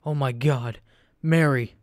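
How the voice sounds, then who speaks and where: A man narrating a story and putting on a grieving, furious old man in his seventies who shouts and sobs. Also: mid-range voice, flat delivery, moderate pace, no room sound, studio quality, close to an everyday voice. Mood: anguished. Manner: shouting, sobbing accusations.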